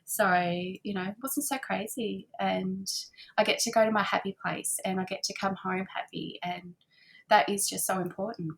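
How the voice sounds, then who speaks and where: A woman's voice: mid-range voice, steady tone, moderate pace, gravelly, breathy edge. A middle-aged woman chatting as a guest in an interview, talking about her shop with plenty of fillers. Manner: warm, chatty, frequent fillers and laughs. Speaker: guest, boutique owner. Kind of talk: casual conversational interview. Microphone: remote call.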